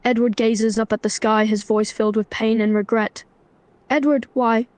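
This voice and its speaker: A woman's voice: a little high, moderate pace, no echo. Synthetic woman narrator, dry and close. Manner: even, scripted, melodramatic prose. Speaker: AI chatbot narrator. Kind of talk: text-to-speech story narration.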